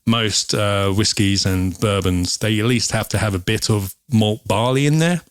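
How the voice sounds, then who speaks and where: A man's voice: lowish voice, moderate pace, clean tone, no room sound. A man co-hosting a whisky show, chatting casually and explaining with lots of ums. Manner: rambling, explaining with many ums. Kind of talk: casual chat.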